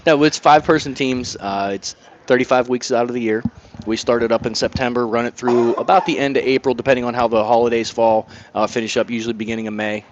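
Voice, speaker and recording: A man's voice: medium pitch, fairly even intonation, fast, lo-fi sound, background noise. A man who owns a bar, answering interview questions in an easygoing, plain-spoken way. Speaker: bar owner.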